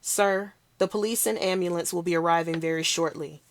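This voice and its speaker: A woman reading aloud, voicing a calm, formal emergency dispatcher who steadily repeats instructions. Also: lowish voice, brisk, natural voice. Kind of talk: read-aloud novel.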